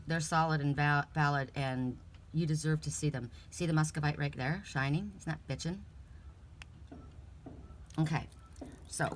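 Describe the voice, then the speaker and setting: Woman, oracle card reader, casual and blunt, chatty, low voice, faint background noise. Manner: chatty and blunt, swears casually, laughs often.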